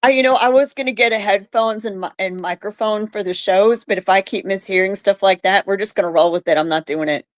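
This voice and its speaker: A woman guest on a podcast, talking in a relaxed, easygoing way. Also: mid-range voice, brisk, hardly any pauses, no echo. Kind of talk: casual podcast chat.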